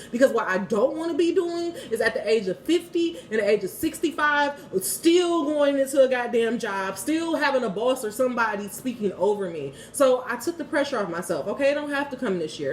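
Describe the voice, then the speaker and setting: A woman in her thirties giving a casual spiritual card reading and prayer, candid and quick to swear and laugh. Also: on the high side, a little hiss or hum. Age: 30s. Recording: echoey room, heard from a distance.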